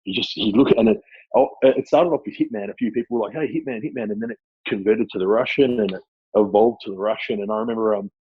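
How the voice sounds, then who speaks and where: A man with an Australian accent, a former club footballer, chatting casually as a guest and telling lively stories. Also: on the low side, quick pace, slightly rough, dry recording, lo-fi sound. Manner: animated storyteller, laughs often. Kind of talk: casual chat.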